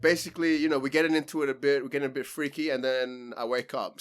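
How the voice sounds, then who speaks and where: A man's voice: medium pitch, steady tone, fairly quick, a bit bright. A man co-hosting a casual podcast, laughing often and swearing freely as he tells a story. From Australia. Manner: loose, laughing, swears a lot. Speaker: podcast co-host. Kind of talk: casual chat. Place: home.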